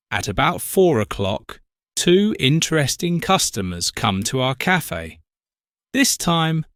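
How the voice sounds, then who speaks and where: Slow, clear male story narrator. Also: medium pitch, no echo, studio quality. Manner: slow, clear, simple sentences. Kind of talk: graded-reader story narration for learners.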